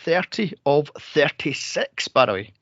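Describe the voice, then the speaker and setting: Male podcast host, animated, sweary, gravelly voice, dry lo-fi recording. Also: fairly high pitch, a little slow, no echo. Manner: animated, sweary, laughs a lot, acts out scenes. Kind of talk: casual movie chat. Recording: dry, dull lo-fi podcast audio.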